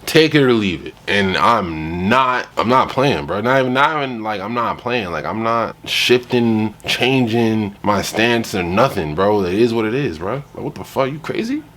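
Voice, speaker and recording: A man's voice: lowish voice, animated, normal speed, hardly any pauses, a bit bright, a little hiss or hum. A young man giving blunt, profane, laughing reaction commentary on a video. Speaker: reaction host.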